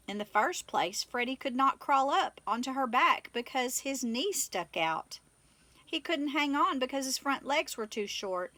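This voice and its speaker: Woman, storyteller, children's book reading, expressive, fairly high, bright. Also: no room sound. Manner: expressive, animated.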